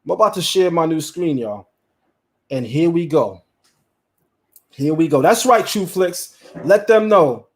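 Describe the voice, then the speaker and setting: High-voiced man hosting a casual livestream. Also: measured pace, long pauses. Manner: animated, talks straight to chat and viewers, repeats lines for emphasis. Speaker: livestream host.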